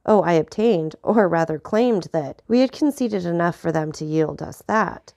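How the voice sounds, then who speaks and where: A woman's voice: fairly low pitch, animated, moderate pace, creaky, a little mellow, no room sound, clean studio sound. A woman voicing an anxious, earnest young soldier who pleads with his friend.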